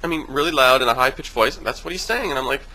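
A man venting on his video blog in a casual, animated way, swearing freely and mimicking other people in high voices. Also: very fast, rough recording. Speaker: vlogger. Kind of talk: casual vlog rant.

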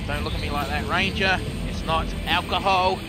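A man giving live play-by-play commentary on a simulated wrestling show, excitable and joking, swearing casually. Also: fairly high pitch, moderate pace. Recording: music playing behind.

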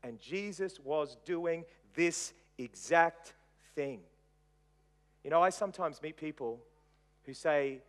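A man preaching a sermon as pastor. He retells dramatically, swinging between loud emphasis and hushed softness. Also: a little high, measured pace.

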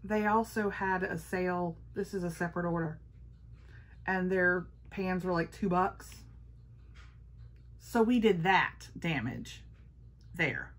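A woman vlogger chatting casually through a makeup haul, gushing and playful, sometimes dropping to a hush. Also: on the low side. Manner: gushing, playful, talks to her palettes.

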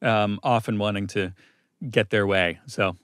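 A man's voice: lowish voice, steady tone, unhurried, a bit bright, clear, resonant tone, no room sound. A man guesting on a podcast, talking in an enthusiastic, rambling way. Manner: enthusiastic, rambling, laughs often. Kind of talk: casual chat.

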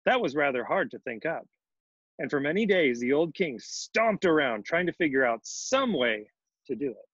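Brief: chatty male co-host, fairly high voice, dry and slightly dull recording. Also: big pitch swings, moderate pace, a bit bright, slightly rough, no room sound. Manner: easygoing, chatty. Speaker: co-host reading to children. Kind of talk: storybook read-aloud and chat.

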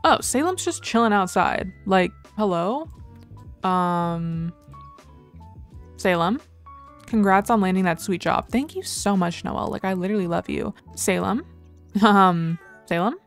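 A woman's voice: mid-range voice, expressive, moderate pace, soft background music. A young woman casually commenting on her life-sim game as she plays, rambling and full of filler words, now and then squealing over cute moments. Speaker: let's play creator.

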